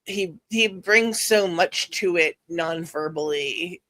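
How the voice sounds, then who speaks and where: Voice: medium pitch, slow pace, bright, forceful tone. A podcast co-host in casual chat about a TV show, chatty with laughing asides.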